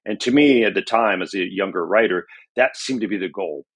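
Husky lowish-voiced guy, middle-aged author chatting thoughtfully in an interview, lots of ums. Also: a little fast, fairly bright tone. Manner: reflective, storytelling with frequent fillers. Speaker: author and journalist guest. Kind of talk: conversational interview.

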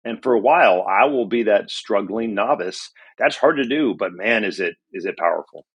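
In a lowish, husky voice at normal speed, a middle-aged author and journalist speaks animatedly as an interview guest. The conversation is casual, and he reflects and tells stories with frequent fillers.

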